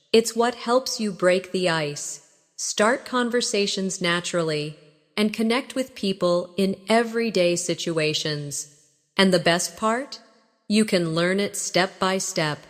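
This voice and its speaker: A woman's voice: mid-range voice, in a large hall. A woman teaching an English lesson in scripted narration, speaking patiently and encouragingly and modeling phrases for listeners to repeat.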